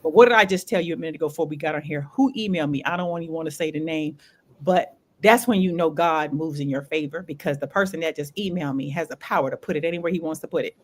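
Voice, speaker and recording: Animated woman telling a frustrating story. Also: low voice, quick pace. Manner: animated, repeats phrases for emphasis, swears freely. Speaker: show host. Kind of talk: casual storytelling chat.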